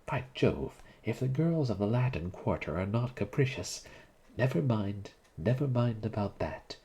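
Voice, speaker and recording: A man reading aloud and voicing a flustered young gentleman who stammers and defends himself. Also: fairly low pitch, lively intonation, a little slow, slight background noise, pitched above the performer's own voice. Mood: indignant.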